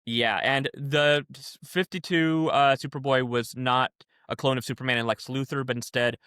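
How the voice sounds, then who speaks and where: A man's voice: mid-range voice, fairly even intonation, moderate pace, bright, forceful tone, smooth, no echo, clean studio sound. A man co-hosting a podcast, explaining things in a rambling, casual way. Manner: rambling, explains comic continuity at length. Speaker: podcast co-host. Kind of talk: casual chat.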